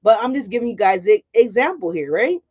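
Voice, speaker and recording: A woman's voice: mid-range voice, big pitch swings, a little fast, darkish tone, breathy edge, highs cut off. A woman doing a casual tarot reading for her viewers, chatty and profane, often asking "right?". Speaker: tarot card reader.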